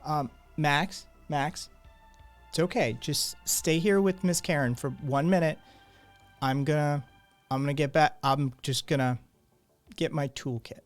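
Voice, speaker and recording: Man voicing an anxious street kid for a tabletop game, pitched way up, stammering and pleading. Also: unhurried, soft background music, close to an everyday voice. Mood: hushed.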